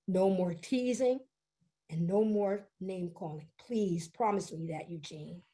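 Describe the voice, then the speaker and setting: A woman storyteller voicing a calm, kind male school principal, speaking gently, slowly and reassuringly. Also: on the low side. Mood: gentle.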